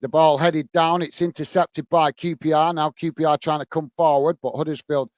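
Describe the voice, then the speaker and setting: An English man hosts a live football watchalong, casually commentating on the play and chatting with viewers, whom he calls mate and guys. His voice is on the high side and darkish, with fairly even intonation at normal speed and no room sound.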